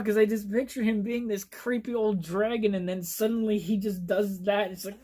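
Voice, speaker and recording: A man casually reviewing a fantasy book, excitable and profane, often laughing as he talks. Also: high-pitched, normal speed, few pauses.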